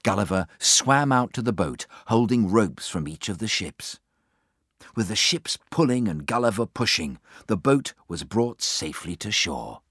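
A man reading a children's storybook aloud with lively expression, acting out the characters. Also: on the low side, unhurried, husky, no echo. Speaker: narrator.

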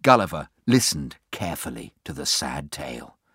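Deep husky man reading a storybook. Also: sing-song, normal speed, fairly bright tone, no echo, studio quality. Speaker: narrator.

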